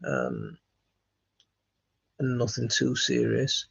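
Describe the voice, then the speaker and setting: A man hosting a gardening live stream, reading chat comments and answering in a halting, friendly way with lots of fillers and restarts. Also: medium pitch, big pitch swings, vocal fry, fairly bright tone, slightly rough, dry recording. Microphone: phone. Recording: dry, dull lo-fi phone audio.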